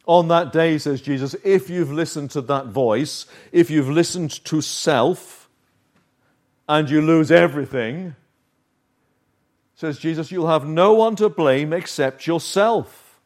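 A man's voice: a little high, a little mellow. Earnest, emphatic male preacher. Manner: earnest, emphatic, with dramatic pauses and shifts of volume. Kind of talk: sermon.

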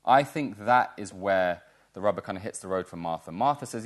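A man's voice: lowish voice, animated, brisk. A man preaching a sermon in a church, earnest and emphatic, repeating key words for stress.

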